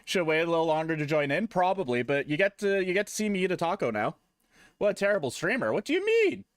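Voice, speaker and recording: High, lively profane streamer man. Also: fast, smooth, dry recording. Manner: profane, rambling, jokey, breaks into loud mock rants. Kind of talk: casual live-stream chat with viewers.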